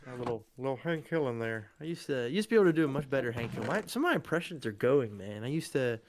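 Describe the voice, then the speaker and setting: A man hosting a live stream, talking loosely while he plays. He rambles, laughs often and fills his sentences with likes and ums, at a mid pitch. A faint hiss sits behind him. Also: very animated, fast. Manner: rambling, laughing, lots of fillers. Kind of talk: casual chat while gaming.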